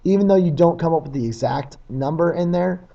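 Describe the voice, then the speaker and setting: A man's voice: on the high side, a little fast, vocal fry, dull audio. A man teaching a recorded test-prep lesson in a plain, practical way, with frequent uhs and ums.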